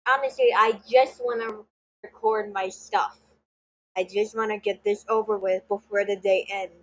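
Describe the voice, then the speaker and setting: A woman streaming a video game at home, muttering casual commentary to herself, often quietly. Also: mid-range voice, steady tone, normal speed, rough recording. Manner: muttering, offhand self-talk, often quiet. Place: bedroom at home.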